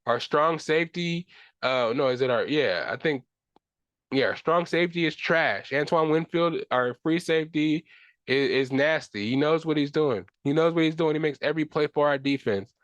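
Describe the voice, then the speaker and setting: Young man, podcast host, frustrated rant, slangy and profane, slightly high voice, dry close sound. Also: moderate pace, a bit bright, dry recording, highs cut off. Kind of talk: solo sports talk.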